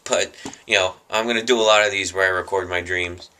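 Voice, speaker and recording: A man's voice: low voice, fairly even intonation, fairly quick, pushed and bright. A man casually telling a story in a vlog, rambling with many fillers and chuckles. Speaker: vlogger.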